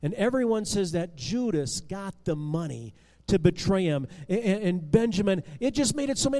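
A male storyteller with a high voice recounts a Bible story with lively drama, stumbling into restarts and rising and falling in loudness. His voice carries a long reverb. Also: normal speed. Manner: expressive, with restarts and swings in loudness.

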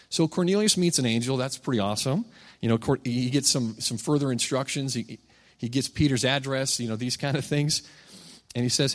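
Conversational preacher in an echoing hall. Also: male voice, medium pitch, a little fast. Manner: conversational, animated when voicing characters in stories. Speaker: campus ministry preacher. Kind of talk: sermon with storytelling and scripture reading.

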